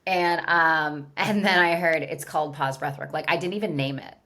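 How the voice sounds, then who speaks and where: This woman's voice is low and a bit bright, at a normal speed. She's a business founder from California, USA, appearing as a guest on a casual podcast and animatedly, candidly sharing her story with plenty of "like" fillers.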